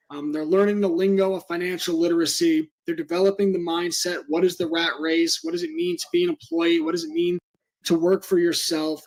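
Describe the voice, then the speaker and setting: A man, a home school educator, giving an interview and explaining at length with frequent "um" fillers. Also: high-pitched. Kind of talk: interview talk.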